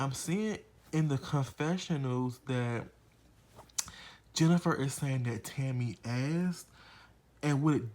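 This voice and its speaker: A man recapping a reality TV episode in a loose, chatty way. He is blunt and gossipy and swears freely as he runs through the drama. His voice sits at an ordinary middle pitch for a man. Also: a little mellow. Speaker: reality TV reviewer. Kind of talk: casual episode recap commentary.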